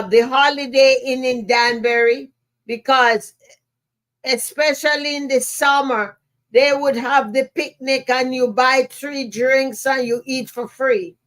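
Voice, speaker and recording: Jamaican woman, motivational speaker, unhurried delivery, repeats key phrases for emphasis. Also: high voice, a bit bright. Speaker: podcast host and motivational speaker. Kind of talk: slow motivational storytelling.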